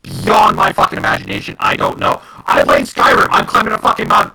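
A man's voice: high-pitched, flat delivery, fast talker, sharp tone, breathy edge, low-quality recording. A man co-hosting a casual gaming podcast, ranting heatedly and swearing a lot. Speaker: podcast co-host.

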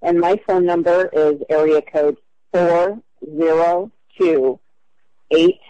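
A woman's voice: fairly low pitch, lively intonation, slow, warm tone, no echo, dull audio. An older woman calling about an ad, leaving a hesitant, patient voicemail and repeating herself. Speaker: caller answering an ad.

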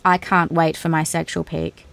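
A woman's voice: low voice, level tone, normal speed, gravelly, fairly bright tone, a little hiss or hum. A woman, chatting casually in a bubbly, talkative and teasing way. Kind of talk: casual chat.

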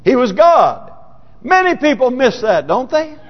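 High-voiced preacher in an echoing hall. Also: male voice, sing-song, a little slow. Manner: asks the congregation rhetorical questions; reads scripture aloud with emphasis. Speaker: pastor. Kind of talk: sermon. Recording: dull, lo-fi recording in a reverberant church hall.

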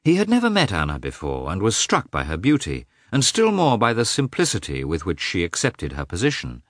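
A man giving an expressive, measured reading of a classic novel as an audiobook narrator. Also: sits low, no echo, studio quality.

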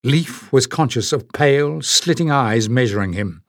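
A man's voice: mid-range voice, expressive, normal speed, no echo, studio quality. A man reading a fantasy audiobook in a dramatic storytelling manner. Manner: dramatic, lifting his voice for the characters. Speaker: audiobook narrator. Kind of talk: scripted audiobook narration.

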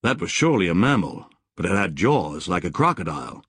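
A man's voice: low voice, sing-song, a little fast, a bit bright, slightly rough, no room sound, studio quality, heavily acted. A man voicing a wary adult male explorer in an audiobook, skeptical and questioning.

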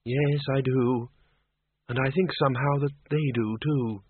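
A weary old zombie wizard voiced by a man who drags out his words in a slow, apologetic way and sounds polite and a little wistful. The voice is husky and dry. It comes over as thin and tinny, like a phone. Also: medium pitch, fairly even intonation, no room sound. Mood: gentle.

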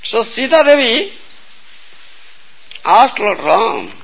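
A man's voice: very high-pitched, sing-song, slow pace, vocal fry, slightly rough, lo-fi sound. A man giving a storytelling sermon, often checking whether listeners understand. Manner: storytelling lecture, repeatedly asking "You understand?". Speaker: spiritual teacher.

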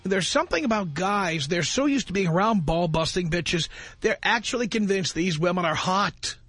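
A man with a high-pitched voice hosts a talk radio show, and he is provocative and emphatic. His studio sound is dry and close, with faint music underneath. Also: animated, normal speed, a bit bright, husky, no echo. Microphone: studio microphone.

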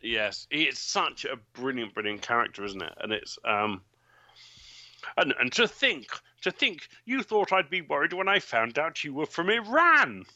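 A man with a very sharp, bright voice talks in a relaxed, halting way, often restarting his sentences. The recording is dry and somewhat dull in the highs. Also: no room sound. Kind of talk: casual chat. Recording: slightly dull, muffled audio.

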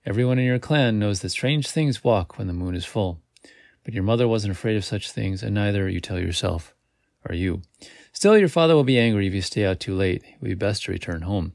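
A man's voice: lowish voice, lively intonation, fairly quick, vocal fry, darkish tone, no room sound, clean studio sound. A man hosting a podcast, reading a gamebook aloud in a casual way, with slips and self-corrections. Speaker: podcast host.

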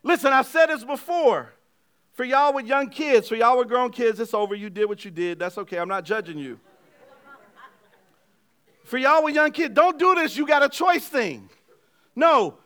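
High-voiced preaching man. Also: lively intonation, normal speed. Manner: conversational preaching, swings from loud emphasis to quiet asides; acts out little dialogues in everyday voices. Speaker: pastor. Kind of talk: sermon.

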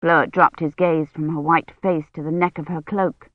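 A woman reading a novel aloud as audiobook narrator in a measured, even way. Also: low-pitched, no echo. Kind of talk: scripted narration. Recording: dry, dull lo-fi audiobook recording.

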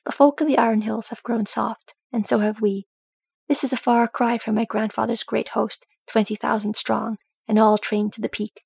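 A woman narrating a storybook calmly, her voice gravelly with a husky grain. The recording is dry and close, with no room sound at all. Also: on the high side, moderate pace, no echo. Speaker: audiobook reader.

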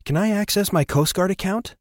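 A man's voice: a little fast, no echo, clean studio sound, close to an everyday voice. A man putting on a fiery young woman. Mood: urgent. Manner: raised pitch, emphatic and indignant. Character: determined young woman, passionate and outspoken.

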